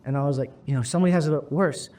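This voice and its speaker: A man's voice: fairly high pitch, very fast, warm tone. Earnest young man telling his story. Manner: earnest, emphatic, storytelling with many "like" fillers. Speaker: motivational speaker. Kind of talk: interview, then stage speech clip.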